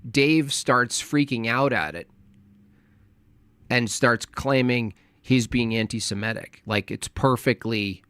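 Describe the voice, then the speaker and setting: A man's voice: medium pitch, slow pace, fairly bright tone, clean tone, no echo. A man streaming commentary on a video, mocking and laughing often in casual chat. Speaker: streamer reacting to a debate.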